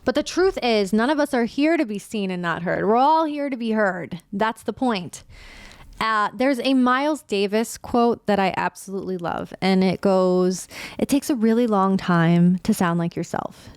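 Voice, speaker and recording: A woman's voice: mid-range voice, moderate pace, smooth, no room sound. A woman in her late twenties or thirties hosting a casual solo podcast, talking candidly and with feeling and swearing freely. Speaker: podcast host.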